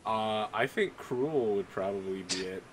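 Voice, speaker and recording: A man's voice: on the low side, measured pace. A man narrating a tabletop game as game master in a casual, chatty way. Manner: casual, chatty, many fillers.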